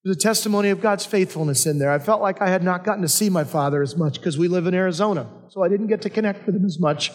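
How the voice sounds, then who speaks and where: A man's voice: high-pitched, fast, few pauses. A male pastor preaching a sermon, telling personal stories in a conversational way. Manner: conversational storytelling. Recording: long reverb of a hall.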